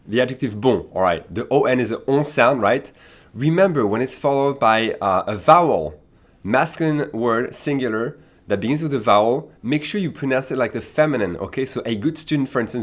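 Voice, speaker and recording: A man teaching a French pronunciation lesson to camera, patiently repeating words slowly so learners can hear each sound. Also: on the low side, expressive. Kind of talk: online language lesson.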